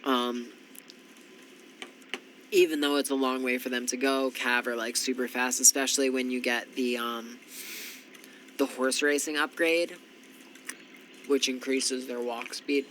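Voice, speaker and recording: A man's voice: medium pitch, fairly even intonation, a little slow, pauses often, fairly bright tone, a little hiss or hum, low-quality recording. A congested, tired man giving casual gameplay commentary, thinking aloud with frequent ums. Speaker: strategy game commentator.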